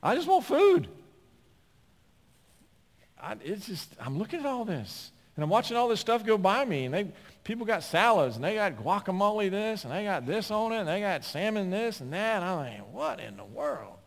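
A man's voice: high-pitched, big pitch swings, a little fast, hardly any pauses. Fiery preacher man in a reverberant hall. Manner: emphatic preaching that builds toward near-shouting; folksy asides and repeated words. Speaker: pastor. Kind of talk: sermon. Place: church sanctuary. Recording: long reverb of a large hall.

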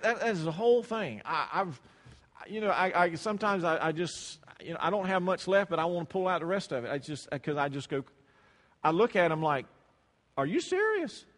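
A man preaching to his congregation with a fairly high voice. He talks loosely and conversationally, repeats words and acts out dialogue. The long reverb of a church hall hangs behind him. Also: sharp tone. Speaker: pastor. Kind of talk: sermon.

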